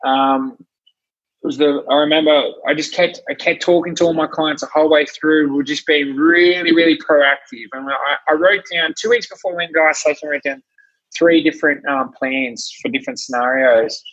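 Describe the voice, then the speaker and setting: A man with an Australian accent, a fitness trainer telling his story in a casual chat, animated and blunt, swearing freely. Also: a little high, fairly quick, slightly rough, highs cut off. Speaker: fitness trainer and gym owner.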